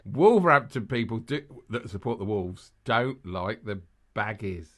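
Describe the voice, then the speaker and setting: A man's voice: on the low side, animated, unhurried, fairly bright tone. A man co-hosting a casual podcast, rambling and laughing at his own jokes as he chats with a friend. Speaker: podcast co-host. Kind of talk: casual chat.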